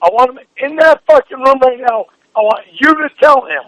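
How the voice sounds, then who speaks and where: Brief: enraged man, very high pitch, hoarse and strained, nonstop cursing in a private fight. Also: normal speed, no echo, poor audio. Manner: furious, shouting, heavy swearing. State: sore, strained voice. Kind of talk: heated private argument.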